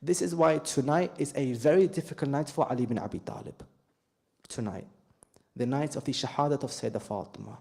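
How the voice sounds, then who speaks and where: Man doing a sad sermon story, gravelly dark voice, slow with long pauses, in a mosque. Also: mid-range voice. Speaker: majlis speaker. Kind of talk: mournful sermon narration.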